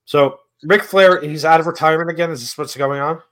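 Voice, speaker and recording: A man's voice: a little high, fairly quick, fairly bright tone. A man co-hosting a podcast in casual chat, teasing and asking playful questions. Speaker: podcast co-host.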